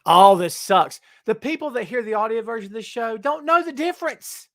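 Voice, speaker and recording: A man with a high, light voice hosts a live talk stream, joking and ribbing the viewers as he greets them one by one. The sound is close and dry, with no room echo on his webcam mic. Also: expressive, a little fast. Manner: jokey, teasing, greets viewers by name. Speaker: host of a live wrestling talk show. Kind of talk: casual live-stream chat.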